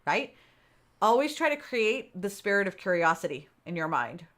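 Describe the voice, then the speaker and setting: A woman's voice: medium pitch, normal speed. Chatty woman hosting a live stream. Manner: animated, laughs often, acts out her own inner voice. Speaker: livestream host. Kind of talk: casual live chat with viewers.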